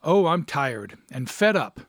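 A weary, mild-mannered young bachelor talking politely in a slightly high voice, read by a man. The recording is dry and close. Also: sing-song, slow, a bit bright, dry recording, full character voice. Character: bored young bachelor, weary then eager.

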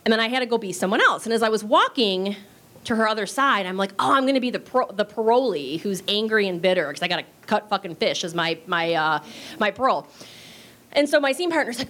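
A woman teaching improv in a chatty, casual way, swearing freely and acting out quick bits of dialogue. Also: medium pitch, expressive, fairly bright tone. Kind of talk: casual spoken lesson.

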